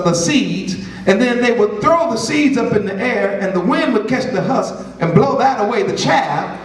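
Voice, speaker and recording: A man with speech preaches to a congregation in a high, unhurried voice. He draws out his words and breaks into shouts now and then. He stands away from the mic in a very echoey room. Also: distant mic. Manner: call-and-response preaching, swells to shouts. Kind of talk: sermon.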